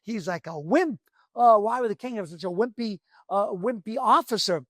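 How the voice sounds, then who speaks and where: A man's voice: sits high, lively intonation, moderate pace, no room sound, clean studio sound. A man voicing scornful strangers at an inn who taunt and goad a servant. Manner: taunting, sneering. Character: two mocking men at an inn, scornful.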